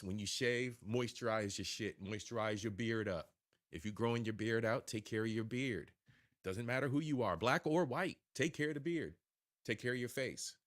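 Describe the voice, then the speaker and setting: A man reacting to a video, talking straight to his viewers in a loud, profane, preaching way. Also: lowish voice, no echo, studio quality. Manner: animated, preachy, swears, addresses viewers directly. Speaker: reaction commentator. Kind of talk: casual profane reaction commentary.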